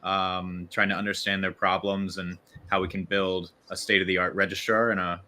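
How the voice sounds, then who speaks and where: A man's voice: low-pitched, little pitch movement, normal speed, bright, forceful tone, slight background noise. A man on a video call, guest on a casual livestream, explaining his work with frequent fillers and restarts. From Virginia. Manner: hesitant, many fillers and restarts. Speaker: growth lead guest.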